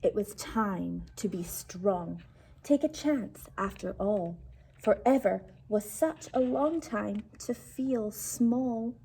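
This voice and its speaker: A woman reading a rhyming picture book aloud to children, slow and expressive, hushing her voice at tense moments. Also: medium pitch, gravelly, a little hiss or hum. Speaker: storyteller.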